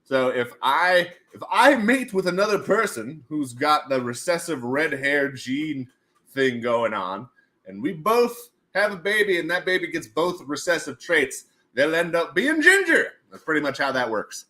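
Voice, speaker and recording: Casting: man, livestream host, lively and bright, rambling jokey chatter. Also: fairly high pitch, measured pace. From United States. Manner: rambling, joking, laughs often. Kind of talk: casual livestream chat.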